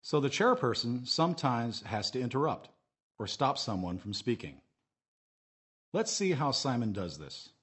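Male lesson narrator, husky low voice with lively intonation, measured delivery. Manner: clear, measured, modelling phrases for repetition. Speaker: English teacher narrator.

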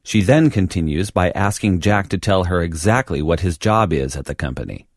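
A man reading an English lesson script in a clear, deliberate teaching voice. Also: low voice, animated, no echo, studio quality. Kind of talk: scripted language-lesson narration.

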